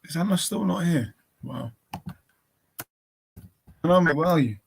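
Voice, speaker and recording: A man on a casual live stream, talking slowly and unhurriedly into a computer mic. He keeps calling out to his missing co-host and spells a link out letter by letter. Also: a little high, expressive, vocal fry, slightly rough. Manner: calls out repeatedly, spells slowly. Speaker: livestream co-host.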